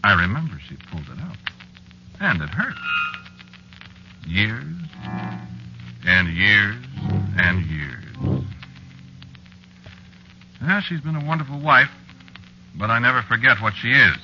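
A wistful, ageless husband. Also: male voice, on the low side, big pitch swings, takes it slowly, pauses often, heavily acted. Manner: wistful, musing, nervously evasive in dialogue. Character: ageless man wed to a witch, wistful. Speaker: narrator. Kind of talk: 1940s radio acting. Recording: dull lo-fi old radio recording with music.

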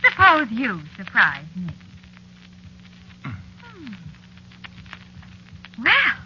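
An actress playing a jealous, sly witch wife in a 1940s radio drama, teasing and quietly menacing, on a dull lo-fi old radio recording. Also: a little high, huge pitch swings, very slow, slight background noise, full character voice. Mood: sly menace. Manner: purring, sly, mocking.

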